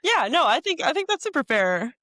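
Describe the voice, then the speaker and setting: Bright-voiced chatty woman host. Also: sits high, sing-song, brisk, no room sound, studio quality. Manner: chatty, affirming, asks open questions. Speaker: podcast host. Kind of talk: casual interview conversation.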